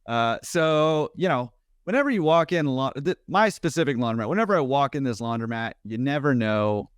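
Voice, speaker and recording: A man's voice: mid-range voice, clear, resonant tone, no echo. Man telling a wild story, dry sound. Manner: animated, quick, laughing at his own story. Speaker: podcast guest. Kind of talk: casual storytelling.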